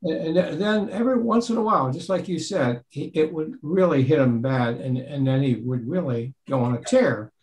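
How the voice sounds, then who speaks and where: A man's voice: a little high, normal speed, few pauses, darkish tone, low-quality recording. A man in the audience asking a rambling question on a video call, often restarting his sentences. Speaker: audience member.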